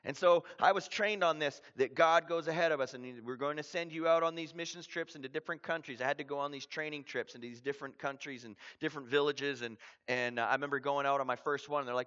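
Canadian male preacher, lively storyteller who acts out the voices and drops to near-whispers for effect, somewhat muffled recording. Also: fairly high pitch, fast, few pauses. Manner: animated storyteller, acts out dialogue, dramatic drops to quiet. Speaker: missionary preacher. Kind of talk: sermon storytelling.

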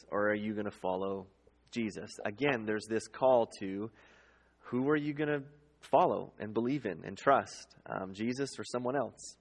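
A man teaching a sermon in a conversational way, often adding "um" and "right?" as he goes. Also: lowish voice. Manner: conversational, frequent "um" and "right?" tags. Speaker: pastor. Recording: long hall reverb.

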